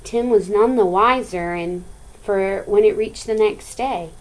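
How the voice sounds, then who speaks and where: A woman's voice: medium pitch, unhurried, low-quality recording. Woman teacher, story read-aloud, chatty asides to students. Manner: chatty, asks the listeners questions.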